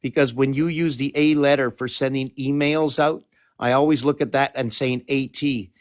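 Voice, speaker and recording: A man's voice: medium pitch, fairly even intonation, moderate pace. Rambling man talking to camera. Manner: wandering, stream-of-consciousness, frequent restarts and asides; talks in a coaxing way to his cat. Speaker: video creator. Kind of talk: rambling solo monologue to camera.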